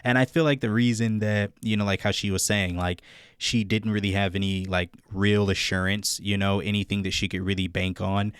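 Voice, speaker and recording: A man hosting a reaction video in casual commentary, thinking out loud with many fillers and restarts. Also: fairly low pitch, flat delivery, normal speed, smooth, dry recording, clean studio sound.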